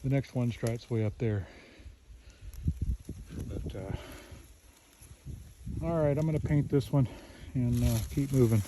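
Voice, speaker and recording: A man casually explaining his work outdoors in the woods as he goes, in a halting way with many fillers, recorded on a handheld camera. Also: mid-range voice. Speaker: vlogger marking property boundary trees. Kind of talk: casual how-to narration while working. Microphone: handheld camera mic. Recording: outdoor camera audio with background noise. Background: outdoor nature sounds.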